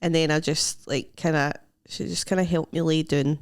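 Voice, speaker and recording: A woman with a Glasgow Scottish accent, co-hosting a podcast in casual chat and acting out the people in her story with lively quotes. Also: normal speed, dry recording, clean studio sound. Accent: Scottish, Glasgow area. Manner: animated storyteller, acts out quotes in a higher voice, laughs often. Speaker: podcast co-host.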